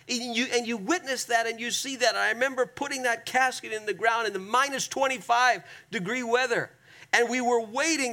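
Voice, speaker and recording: Male pastor, earnest sermon delivery, bright, edgy tone, emphatic slowdowns on key lines. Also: extremely high pitch. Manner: earnest, emphatic preaching with repeated appeals to the congregation; slows down sharply on key phrases.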